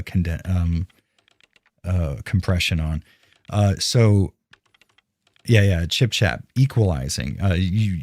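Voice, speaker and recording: Dry and without any room sound, a man's low, warm voice comes through a dynamic broadcast mic held close at his home streaming setup. He's chatting casually with his live viewers, rambling and swearing freely as he answers chat.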